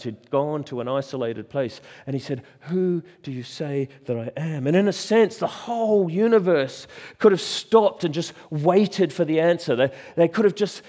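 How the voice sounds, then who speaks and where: Man, preacher, sermon, emphatic rhetorical questions, slightly high voice, long echo. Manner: emphatic, with dramatic pauses and repeated rhetorical questions.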